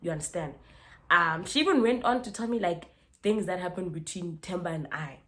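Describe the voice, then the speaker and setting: A young woman from Africa, speaking in a fairly low voice. She tells a casual storytime, animated and chatty, re-enacting the back-and-forth with her own punchy delivery. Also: a little fast. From South Africa. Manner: animated, re-enacts exchanges, keeps asking "you understand?". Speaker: YouTuber.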